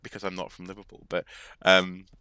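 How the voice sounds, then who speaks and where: A man's voice: low-pitched, monotone, fairly quick, pushed and bright, clear, resonant tone, no echo. A man casually commenting on a game as he plays, rambling with frequent restarts. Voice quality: rambling, with many fillers and restarts. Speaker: streamer.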